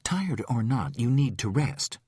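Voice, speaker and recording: A man's voice: mid-range voice, very animated, measured pace, warm tone, breathy edge, no echo, studio quality, pitched above the performer's own voice, exaggerated voice. A man voicing a blunt, exasperated male caretaker who scolds his employer in an audiobook. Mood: scolding. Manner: curt, scolding.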